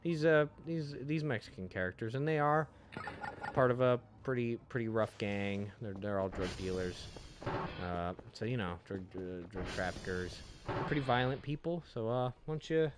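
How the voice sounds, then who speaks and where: A man's voice: moderate pace, noisy background, close to an everyday voice. A man putting on an eager voice director who coaches an audiobook narrator and rambles with lots of fillers. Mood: coaxing. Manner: chatty, rambling, filler-heavy pitch.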